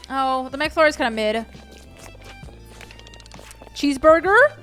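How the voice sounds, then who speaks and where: A bubbly young woman chatters through her gameplay in a very high, bright voice, full of gasps of "oh my gosh" and filler "like"s. Soft music plays behind her. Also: a little fast. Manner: bubbly, excitable, lots of "oh my gosh" and "like". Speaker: gaming YouTuber. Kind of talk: casual gameplay commentary.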